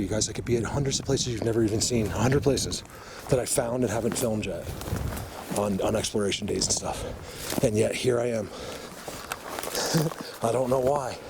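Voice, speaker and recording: A man filming an outdoor walking vlog in the woods, out of breath from a climb, talking excitedly and rambling straight to his viewers on a handheld camera. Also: mid-range voice, normal speed, vocal fry, noisy background. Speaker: outdoor vlogger.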